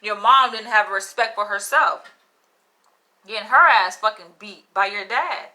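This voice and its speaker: A young woman giving a blunt, profane, animated monologue to camera, laughing often as she talks. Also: mid-range voice, a little slow. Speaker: vlogger.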